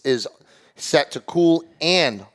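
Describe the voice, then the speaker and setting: Man, co-host, lively swooping voice, goofy and giggly. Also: a little high, slow pace. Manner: goofy, laughing, animated. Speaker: podcast co-host. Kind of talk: casual podcast banter.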